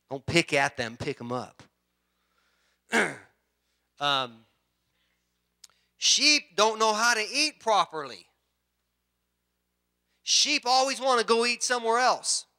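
A middle-aged male pastor gives a sermon in a bright, forceful voice set a little high. He talks in a loose, conversational way, restarting sentences and clearing his throat now and then.

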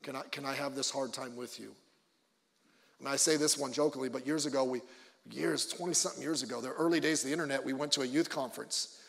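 A male pastor preaching a conversational sermon with joking asides, swinging between loud emphasis and quiet low remarks. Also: steady tone, fast talker, creaky, in a large hall.

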